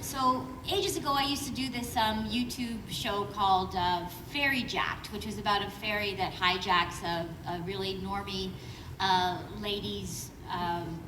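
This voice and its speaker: A woman on a convention panel, an actor telling an animated audition story with frequent laughs. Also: mid-range voice, measured pace. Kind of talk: panel anecdote. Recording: roomy hall from far off with noise.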